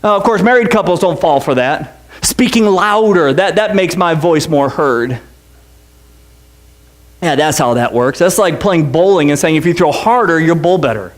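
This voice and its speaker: A man's voice: on the high side, moderate pace. A man preaching a sermon in a church, telling the story with jokes and acting out the crowd and the characters. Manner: animated, joking storyteller who acts out the crowd and Pilate. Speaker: pastor. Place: church sanctuary.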